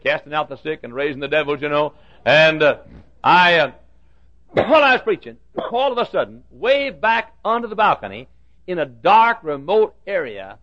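An older man, a pastor, telling a story from the pulpit with halting restarts and bursts of loud preaching. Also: on the high side. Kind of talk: sermon storytelling. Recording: dull lo-fi sermon recording.

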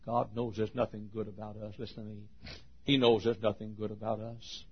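A man's voice: fairly low pitch, flat delivery, a little fast, breathy edge. A man preaching a sermon in a folksy, emphatic storytelling manner. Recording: dull lo-fi sermon recording.

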